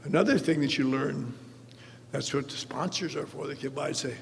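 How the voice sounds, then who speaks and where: An older man gives a humorous storytelling talk as a speaker at a recovery meeting in a large convention hall, wry in manner and acting out the dialogue in his anecdotes. His mid-range voice is brisk, and the live recording has long hall reverb plus a little hiss or hum.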